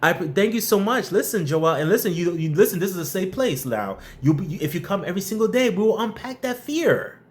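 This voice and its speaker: Lively high-voiced man hosting a live stream. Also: brisk, few pauses. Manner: lively, gives shout-outs and blunt, tough-love advice. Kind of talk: casual live-stream chat.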